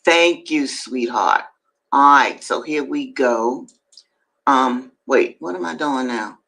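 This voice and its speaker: A woman hosting a live-streamed reading, talking to viewers between passages and jumping up in pitch to stress her points. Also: expressive, slow pace, gravelly, pushed and bright, rough recording. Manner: emphatic, swings up high to stress points; chatty asides to viewers. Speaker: host and reader.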